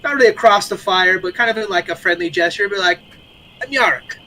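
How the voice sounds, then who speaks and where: A man playing a tabletop game character, lively and a little mock-formal in character. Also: high voice, quick pace, low-quality recording. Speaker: player.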